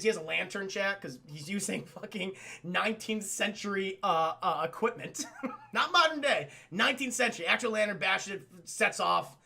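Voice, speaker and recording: A young man casually recapping a cartoon episode for his live chat, excitable and swearing, acting out the characters. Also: high-pitched, gravelly. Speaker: streamer reviewing a cartoon episode.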